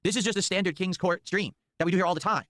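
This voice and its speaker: A man's voice: sits high, steady tone, racing, fairly bright tone, no room sound. A man streaming, reacting to video clips with incredulous, sarcastic commentary and plenty of swearing.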